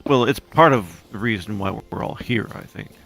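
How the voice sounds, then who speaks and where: A man's voice: lowish voice, lively intonation, normal speed, a bit bright, soft background music. A man chatting at home during a livestream, making dry, wry remarks. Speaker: stream regular, family member. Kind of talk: casual banter.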